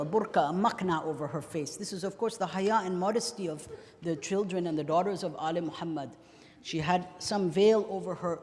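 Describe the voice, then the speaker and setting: A man preaching a mourning sermon in an impassioned voice, moving between loud and hushed. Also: on the high side, in a large hall. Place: prayer hall.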